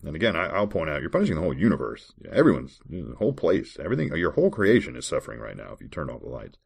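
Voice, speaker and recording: A man hosting a podcast with a very deep, husky voice. He reads verses and then breaks into sarcastic, incredulous asides. His pitch moves a lot between the dry remarks and the exasperated ones. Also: big pitch swings, racing. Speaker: podcast host. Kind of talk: casual commentary with scripture reading.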